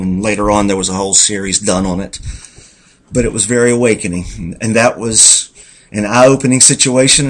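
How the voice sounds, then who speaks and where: A man's voice: fairly low pitch, a bit bright. A man giving an earnest, rambling personal testimony in a folksy storytelling manner. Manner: folksy, rambling, talks to himself as "Self"; earnest, reflective. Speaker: church member giving a testimony.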